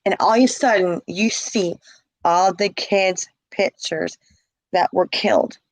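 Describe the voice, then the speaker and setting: Slow-talking impassioned woman, dry sound. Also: mid-range voice, dry recording, poor audio. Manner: impassioned, repeats herself, acts out quoted calls. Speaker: interviewee. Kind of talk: emotional personal account.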